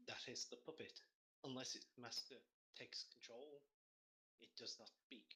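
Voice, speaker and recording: A man's voice: mid-range voice, steady tone, moderate pace, pushed and bright. A man playing a tabletop role-playing game, talking bluntly and dramatically, often swearing. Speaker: player.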